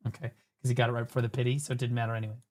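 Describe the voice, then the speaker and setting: A man commentating a game on a livestream in a loose, casual way. He swears freely and mocks another player, breaking into laughter and shouts as the moment unfolds. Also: medium pitch, level tone, rapid-fire. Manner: profane, mocking, laughing. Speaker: streamer.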